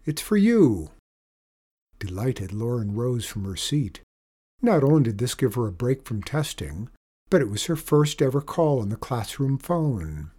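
A man reads a children's story aloud in a steady storytelling delivery. His voice is husky and sits at an average pitch. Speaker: narrator.

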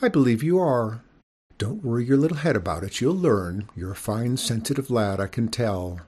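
A man's voice: medium pitch, lively intonation, moderate pace, darkish tone, slightly rough. A man reading an audiobook, voicing a prim, genteel widowed mother skunk who lectures in a proper manner. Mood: gentle.

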